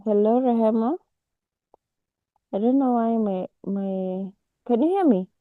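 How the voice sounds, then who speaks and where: A woman, teaching a casual online forex class over a video call, unhurried and full of restarts. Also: on the high side, lively intonation, no echo, phone-quality sound. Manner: unhurried, with many restarts and fillers. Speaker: forex mentor.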